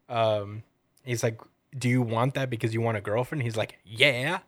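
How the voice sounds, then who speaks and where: On this casual podcast, a medium-pitched male co-host talks at an ordinary pace with no room sound. His chapter recap wanders freely, and he voices the characters' quotes with animated, acted-out flair.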